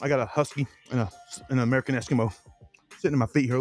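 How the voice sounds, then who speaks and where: A man's voice: mid-range voice, fairly even intonation, very fast, a little mellow, faint music behind. A man hosting a casual sports podcast, talking in a rambling way, often repeating words and eating as he talks. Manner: chatty, repeats himself, talks with his mouth full. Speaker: podcast host.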